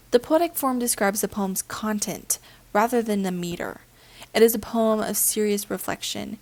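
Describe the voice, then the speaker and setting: A woman reading a prepared lesson on poetry aloud, evenly and carefully. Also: medium pitch. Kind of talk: read-aloud literature lesson.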